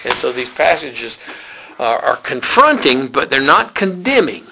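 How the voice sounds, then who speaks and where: Man preaching, gravelly and bright. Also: medium pitch, big pitch swings, a little slow, rough recording. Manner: folksy and conversational, with colloquialisms. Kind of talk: sermon. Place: church.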